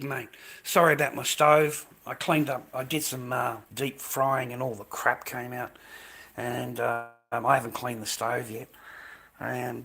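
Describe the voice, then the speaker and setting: A man's voice: mid-range voice, gravelly, bright, forceful tone, husky. An Australian man chatting casually on a livestream from his kitchen at home, rambling and swearing freely while calling viewers mate and bro.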